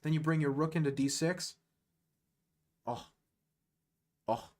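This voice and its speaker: Excitable man giving slangy chess commentary. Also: a little high, slow pace. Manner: excitable, slangy, talks straight to the player. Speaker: chess streamer. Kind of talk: casual live chess commentary.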